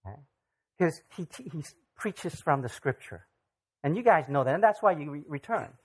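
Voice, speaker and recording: A visiting Bible teacher leading a casual church study, speaking haltingly with frequent fillers and often checking in with the group. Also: medium pitch, animated. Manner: halting, many fillers, keeps checking in with "okay?". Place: church gathering.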